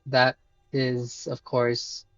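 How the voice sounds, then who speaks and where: A man's voice: mid-range voice, monotone, extremely slow, fairly bright tone, dry recording, muffled recording, soft background music. A man reading lines for a self-assured decomposed ghoul doctor in his plain voice, with no accent. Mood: matter-of-fact.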